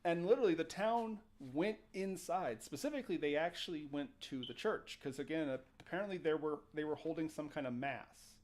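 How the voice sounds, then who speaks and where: Male podcast host, animated joking storyteller, a touch high-pitched. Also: a little fast, hardly any pauses. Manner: animated, jokey, acts out quotes. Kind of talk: casual storytelling chat.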